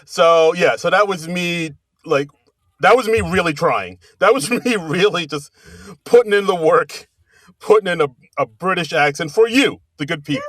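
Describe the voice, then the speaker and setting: A man's voice: high-pitched, expressive, normal speed, fairly bright tone, no echo. Rambling, self-mocking podcast co-host man. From New Jersey. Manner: rambling with restarts and filler words. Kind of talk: casual chat.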